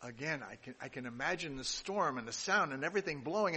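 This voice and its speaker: A man's voice: fairly high pitch, animated, quick pace, pushed and bright, breathy edge, in a large hall. A man giving a sermon, reading scripture aloud and adding casual asides, with some restarts along the way. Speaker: pastor.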